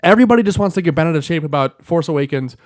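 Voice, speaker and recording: A young man co-hosting a casual chat, swearing freely and getting worked up into rants that turn to shouting. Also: a little high, animated, racing, dry recording, studio quality. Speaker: podcast co-host.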